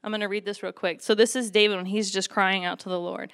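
A woman's voice: mid-range voice, little pitch movement, fast, a bit bright, clear, resonant tone. A woman giving a casual church devotional, reading scripture aloud with rising intensity. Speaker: church speaker.

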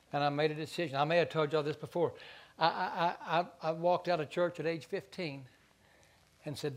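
A man preaching a sermon as pastor, stammering into repeated words and moving between quiet asides and loud stretches. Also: a little high, steady tone, brisk, slight background noise.

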